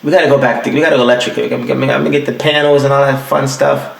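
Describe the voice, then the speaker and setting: Speaking at a medium pitch in a rapid-fire, creaky voice, a young adult podcast host rants solo from home, where the room echoes and the heat is off. His storytelling is profane and animated, with quotes acted out along the way.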